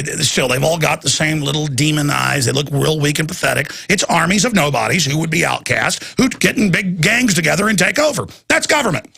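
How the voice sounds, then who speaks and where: Man, radio talk host, heated rant, repeats words, husky, forceful. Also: mid-range voice. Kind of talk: ranting radio monologue.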